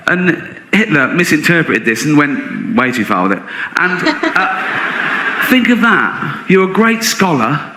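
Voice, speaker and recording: Casting: sardonic English stand-up, animated delivery, echoey live hall recording with noise. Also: male voice, fairly high pitch, unhurried. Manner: sardonic, conversational. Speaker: stand-up comedian. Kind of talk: stand-up comedy.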